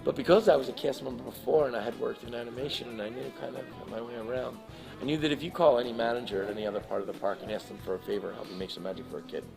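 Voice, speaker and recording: A man telling an animated, emotional anecdote as a guest in a live interview, acting out the people in his story. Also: medium pitch, racing, creaky, over music. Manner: emotional, laughs while telling. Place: live event in front of an audience.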